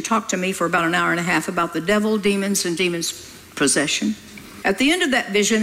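An older woman preaching a sermon, lively and exclamatory, with playful asides and stories from her family life. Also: medium pitch, low-quality recording.

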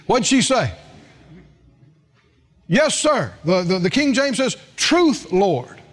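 A man preaching a sermon as pastor, folksy, calling on the congregation to respond. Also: very high voice.

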